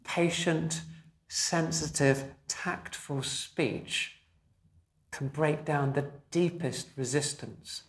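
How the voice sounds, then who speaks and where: A man preaching in a middle-pitched voice, pacing his sermon with slow, stressed phrases. His voice carries the echo of a roomy church. He sounds like a pastor addressing his congregation.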